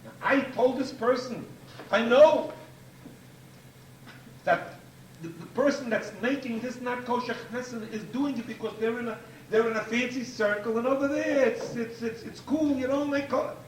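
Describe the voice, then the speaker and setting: A man with a very high-pitched voice gives a rabbinic lecture to an audience at normal speed, emphatic and repeating key phrases for force. The recording has an echoey room sound, a distant mic, and faint hiss.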